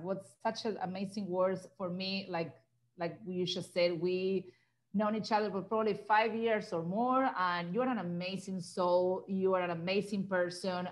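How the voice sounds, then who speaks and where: A woman guest in an interview, speaking English as a second language in an effusive, grateful way. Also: lowish voice. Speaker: guest, relationship expert. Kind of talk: casual interview.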